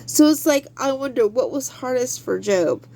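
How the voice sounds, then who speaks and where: A woman's voice: high voice, lively intonation, normal speed, creaky, a little mellow. A woman hosting a casual Bible study, talking in a conversational way and building to fervent, preachy exhortation. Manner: conversational with fillers.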